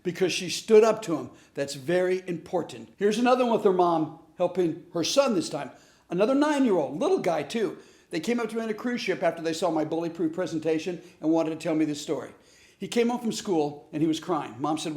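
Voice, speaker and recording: A middle-aged comedian teaches a class on bullying through stories, animatedly acting out the dialogue as he goes. His voice is a little high and a little fast, and the room is echoey.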